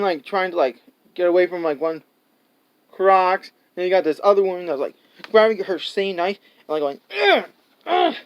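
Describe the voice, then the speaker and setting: A man's voice: sits high, clear, resonant tone. A man reviewing a movie in a casual, rambling way, with many fillers and restarts, laughing and acting out scenes. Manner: laughs often and acts out scenes.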